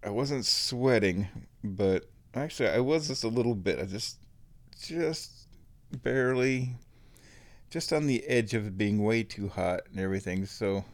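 A man with a fairly low voice talks straight to his audience in a loose, rambling vlog. He tells small everyday stories at an easy, meandering pace. Little asides and chuckles drift through his talk. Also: unhurried. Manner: chatty, meandering storytelling with laughs and sighs. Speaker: vlogger.

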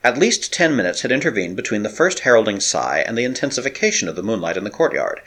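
Husky-voiced man narrating with lively drama. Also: on the low side, fast talker. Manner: expressive, dramatic storytelling. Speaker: audiobook narrator. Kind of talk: scripted narration of an adventure novel.

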